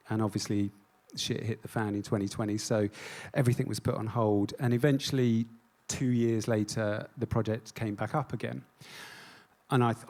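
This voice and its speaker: A man's voice: mid-range voice, darkish tone. A man giving a stage talk as an artist. He is self-deprecating and jokey, with many ums. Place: on stage before an audience.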